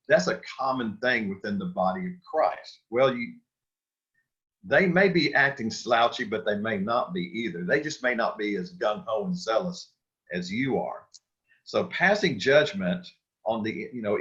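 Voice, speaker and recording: A man's voice: fairly low pitch, expressive, moderate pace, a bit bright, highs cut off. A man teaching a church Sunday school class, talking casually with restarts and questions to the group. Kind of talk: Bible study lesson.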